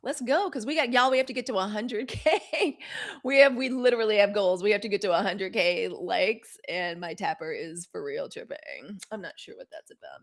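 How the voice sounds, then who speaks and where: A woman hosting a live news stream, talking straight to her viewers in a sassy, animated way. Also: medium pitch, normal speed. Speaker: host of a daily live news show. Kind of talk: casual live-stream commentary.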